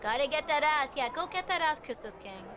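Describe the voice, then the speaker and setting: A woman chats casually on a live stream, giggling and drifting through fillers. Her voice sits a little high. A constant hiss runs under the recording. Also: fairly quick, a crowd in the background. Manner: chatty and giggly, trails off with fillers.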